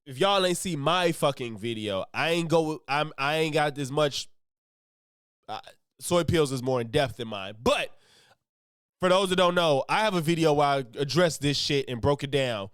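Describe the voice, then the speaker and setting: A man's voice: a little high, animated, moderate pace, fairly bright tone, smooth, no room sound, clean studio sound. A man streaming his reaction to a video, talking loosely, swearing and laughing often. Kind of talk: casual reaction commentary.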